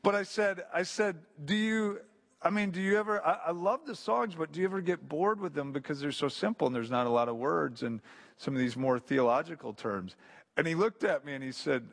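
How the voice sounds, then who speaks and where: A pastor or Bible teacher with a slightly high, brisk, creaky voice gives an informal sermon to a group. He's conversational and story-driven, restarting often and adding asides.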